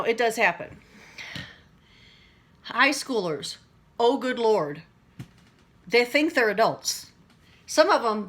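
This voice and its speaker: This middle-aged woman's mid-range voice has a fairly bright tone as she addresses the camera in a casual, rambling teaching monologue about everyday stress. She acts out little voices and laughs at her own expense.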